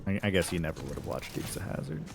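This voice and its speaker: A man's voice: low voice, very animated, fast talker, vocal fry, heavy background noise. A man from North Carolina with a Southern twang, chatting casually while gaming and often stumbling over his first words. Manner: hesitant, repeats words at the start.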